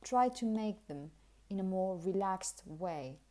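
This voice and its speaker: Slow-talking woman with a Spanish accent. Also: mid-range voice, lively intonation, mellow. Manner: slow, careful explanations with repeated example words. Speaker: English pronunciation teacher. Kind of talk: pronunciation lesson.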